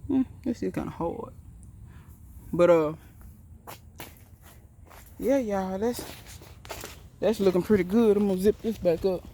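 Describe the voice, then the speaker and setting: A woman's voice: mid-range voice, measured pace, long pauses, mellow, slight background noise. Folksy woman touring her garden. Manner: folksy, rambling, talks straight to viewers. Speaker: home gardener giving a garden tour. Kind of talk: casual walk-and-talk tour. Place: outdoor backyard garden and greenhouse.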